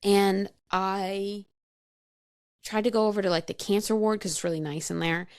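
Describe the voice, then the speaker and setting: A woman with a medium-pitched, smooth voice and fairly even intonation speaks at a moderate pace in clean studio quality with no room sound. As a podcast guest she recounts her past frankly and matter-of-factly, laughing at herself and saying "like" a lot.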